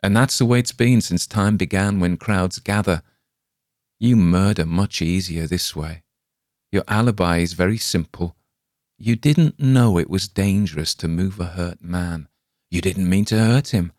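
A man's voice: sits low, unhurried, darkish tone, no echo, studio quality. A man voicing a badly injured man, panicked and accusing, with a raised, strained, pleading delivery.

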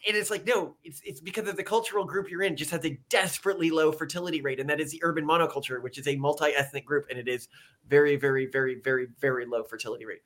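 A man's voice: fairly high pitch, fast talker, a bit bright. A man co-hosting a casual talk show, mocking his targets and acting out quoted voices in exaggerated tones. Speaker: podcast co-host. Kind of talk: casual sarcastic commentary.

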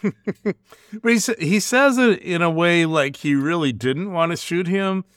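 A man co-hosting a podcast in casual chat, talking in quick asides and laughing often. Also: high-pitched, fairly bright tone, dry recording, clean studio sound. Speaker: podcast co-host.

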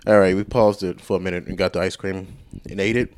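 A man's voice: deep voice, steady tone, fast, a little mellow. A man co-hosting a podcast in casual chat, laid-back and rambling, with some swearing. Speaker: podcast co-host.

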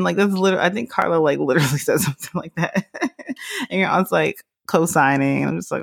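A young woman hosting a casual podcast chat, animated and laughing often as she retells stories. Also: on the low side, quick pace, creaky, no echo, studio quality. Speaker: podcast host.

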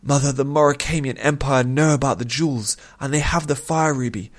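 A man's voice: mid-range voice, steady tone, brisk, pitched above the performer's own voice, close to an everyday voice. A man reading an audiobook and voicing an earnest young princess who talks in an urgent, pleading, apologetic way. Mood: remorseful. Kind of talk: audiobook character voice.

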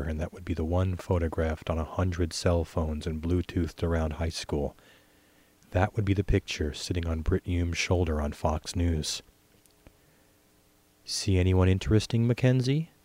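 A man reading a first-person short story in a wry, deadpan way. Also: low-pitched, normal speed, breathy edge, no room sound. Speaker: story reader.

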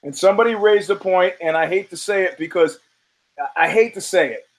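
A man's voice: high voice, brisk, poor audio. A male show host giving a blunt, rambling commentary monologue full of profanity and restarts.

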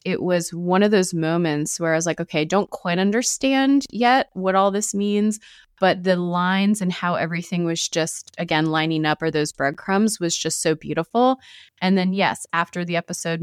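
A woman guest on a podcast, chatting casually in a relaxed, loose way with casual swearing. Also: on the low side, clean tone, dry recording, clean studio sound.

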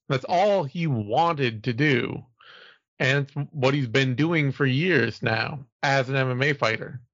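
A man hosts a fight-sports podcast in an easygoing, analytical way, often poking fun at himself. His voice sits at a middle pitch. The sound is a little dull and very dry. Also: a bit bright, no room sound. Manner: chatty, analytical, self-mocking. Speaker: podcast host. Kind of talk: casual sports podcast chat.

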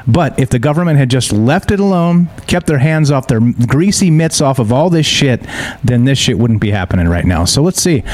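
A man's voice: mid-range voice, animated, moderate pace, a little mellow. A tired man hosting a live news stream, reading articles aloud and ranting about them in a blunt, sarcastic, profane way. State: tired, yawning. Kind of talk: casual opinionated news commentary. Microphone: streaming microphone.

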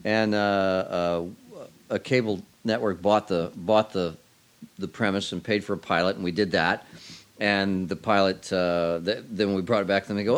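A man's voice: low-pitched, steady tone, moderate pace. A man telling a long story as an interview guest, casually and wryly, with frequent restarts. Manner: rambling, restarts often, wry.

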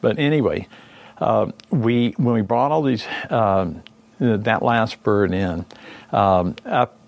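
A man's voice: lowish voice, takes it slowly, gravelly, no echo. An older man giving an interview, recalling his years leading a recovery team, rambling and correcting himself as he goes. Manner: rambling, with many fillers and self-corrections. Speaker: interview guest, former condor recovery team leader. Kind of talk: reflective interview recollection.

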